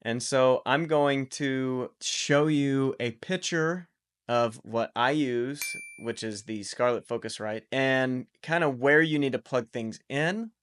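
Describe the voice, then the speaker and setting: A man giving a casual home-studio guitar recording tutorial in a relaxed, explanatory way, with loose restarts. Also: medium pitch, takes it slowly, smooth.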